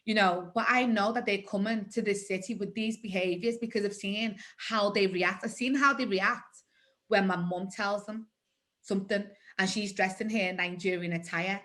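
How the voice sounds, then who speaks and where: A woman's voice: mid-range voice, steady tone, normal speed, a bit bright. A woman in her forties with a Liverpool accent, a guest in a conversational interview, speaking emphatically and repeating phrases for stress. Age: 40s.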